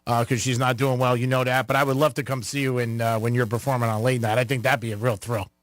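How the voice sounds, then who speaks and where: A man's voice: mid-range voice, level tone, fast talker. A male radio host chatting with a guest and telling self-mocking stories. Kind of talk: radio interview chat.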